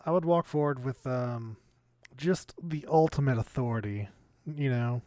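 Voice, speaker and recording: A man's voice: medium pitch, unhurried, warm tone, dry recording. Man, tabletop player, imperious in character, dry close sound. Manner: haughty, commanding in character. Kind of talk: tabletop role-play.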